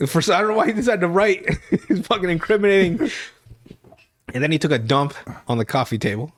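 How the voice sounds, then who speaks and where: A young podcast host with a high-pitched voice talks fairly quickly, rambling through a profane recap of a TV episode. He laughs loudly at his own story as he goes.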